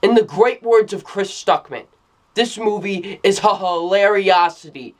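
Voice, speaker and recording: Slow-talking, excitable film reviewer. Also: mid-range voice. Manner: excitable, keeps exclaiming "oh my goodness" and breaking into laughter; repetitive, restarts sentences. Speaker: movie reviewer. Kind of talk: casual spoken film review.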